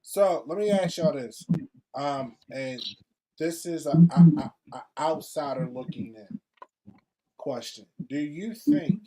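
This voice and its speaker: A man chatting on a podcast, speaking slowly and hesitantly. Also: on the high side, animated, crowd noise. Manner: slow, hesitant. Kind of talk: casual chat. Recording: distant mic with background noise.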